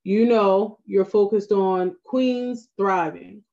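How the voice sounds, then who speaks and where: A woman with a Baltimore accent talks through practical advice in a relaxed podcast chat. She is earnest and keeps checking in with her listener. The recording sounds a little dull and lo-fi. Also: medium pitch, takes it slowly, vocal fry. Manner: earnest, advice-giving, frequent "right?" asides. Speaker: photographer guest. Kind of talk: casual podcast interview.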